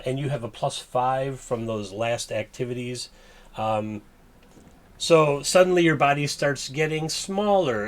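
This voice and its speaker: Male game master, slow halting improv narration, mid-pitched. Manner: halting, with many fillers.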